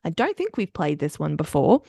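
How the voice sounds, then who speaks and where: A woman's voice: deep voice, huge pitch swings, a little fast, creaky, mellow, no echo, clean studio sound. A woman co-hosting a podcast in casual chat, laughing often as she explains a movie quiz game. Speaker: podcast co-host.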